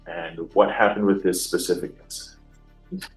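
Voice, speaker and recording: Deep-voiced man questioning in court. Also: measured pace, roomy sound, soft background music, low-quality recording. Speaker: lawyer.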